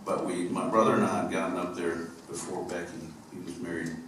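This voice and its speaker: A man's voice: deep voice, little pitch movement, a little fast. A man from upstate New York, a singer-songwriter telling humorous, rambling stories between songs on a theater stage. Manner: rambling, humorous storytelling with fillers. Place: theater stage at a live concert. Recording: echoey, distant live theater recording with noise.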